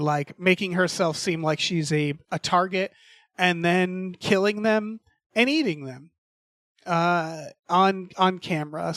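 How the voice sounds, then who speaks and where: High-voiced man rambling on a podcast. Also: a bit bright, no room sound, studio quality. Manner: rambling, hesitant, full of fillers. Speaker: podcast co-host. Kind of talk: casual chat.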